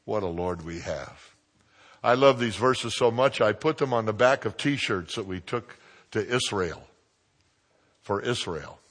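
A man preaching a sermon, joking with his congregation and swinging from quiet asides to loud exclamations. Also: on the low side, lively intonation, a little slow.

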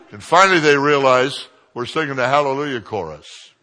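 Loud, bright-voiced older male preacher. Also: a little fast. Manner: lively anecdotal preaching, swinging from hushed to booming. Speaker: pastor. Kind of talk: sermon storytelling.

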